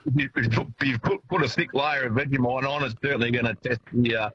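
An Australian man calling a radio show from his car, friendly and halting, with lots of fillers. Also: mid-range voice, fairly bright tone. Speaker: caller. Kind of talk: phone-in call to radio. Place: driving in a car. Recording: dull phone line with faint noise.

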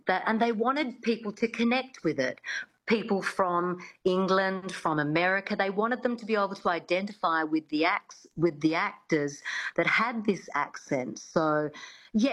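A woman's voice: on the low side, a bit bright, rough recording. A woman working as an accent coach, explaining things in a chatty way with many fillers in a radio interview.

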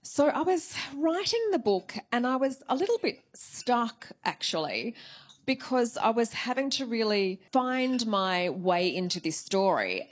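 A woman novelist being interviewed, talking through her writing process in a thoughtful, conversational way. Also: fairly low pitch. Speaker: novelist guest. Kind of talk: interview answers.

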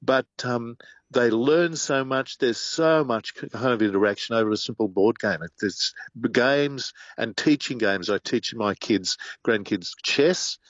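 A man's voice: mid-range voice, measured pace, no room sound, dull audio. An older man, co-hosting a radio talk show with reflective, hesitant remarks. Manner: reflective, hesitant, lots of ums. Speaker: radio co-host.

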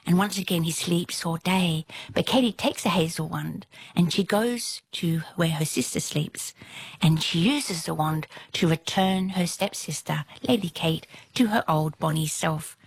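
Gravelly-voiced woman telling a folktale. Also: fairly low pitch, a little slow. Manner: dramatic, drops into whispers for suspense. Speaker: storyteller. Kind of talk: oral folktale storytelling.

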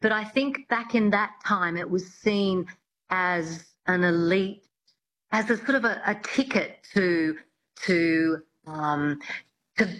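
A woman's voice: lowish voice, slow pace, fairly bright tone, rough recording. A woman dialect coach who explains at length in an interview, often restarting and searching for words. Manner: explanatory, with many restarts and fillers. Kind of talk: interview answers.

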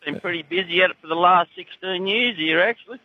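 Laconic aussie bloke with a broad country accent, high voice, tinny phone line. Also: male voice, quick pace, no room sound. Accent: broad rural Australian. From Australia. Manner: laconic, dry humour, says "mate" a lot. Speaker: caller. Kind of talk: casual radio phone-in chat.

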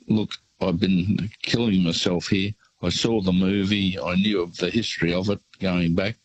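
A low-voiced Australian man with a husky edge, calling in to a late-night radio show. He tells his stories in a rambling way, with lots of pauses and "uh"s. The sound is dry, with no room around it. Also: steady tone, no room sound, rough recording. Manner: rambling storyteller with hesitations. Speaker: caller. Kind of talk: casual phone-in chat.

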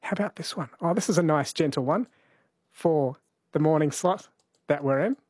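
Playful radio host, dry studio sound. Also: male voice, fairly high pitch, normal speed, darkish tone, husky, no room sound. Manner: playful, easy-going banter. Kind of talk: casual radio chat. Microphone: studio microphone.

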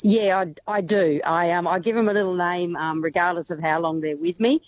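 A woman's voice: on the low side, steady tone, brisk, no echo, muffled recording. A woman, a wildlife carer chatting casually as a radio guest, hesitant and full of ums. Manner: chatty, hesitant with many ums, laughs often.

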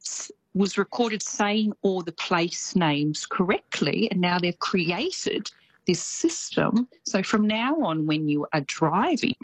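A woman's voice: lowish voice, dry recording, poor audio. A middle-aged Australian woman with a slight Kiwi tinge, chatting enthusiastically as a radio show's New Zealand correspondent. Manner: chatty, enthusiastic, laughs easily.

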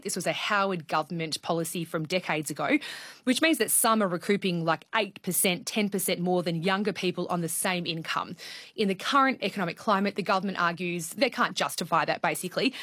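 Female political reporter, conversational live cross, slightly low, dry. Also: fairly bright tone, dry recording. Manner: explanatory, conversational.

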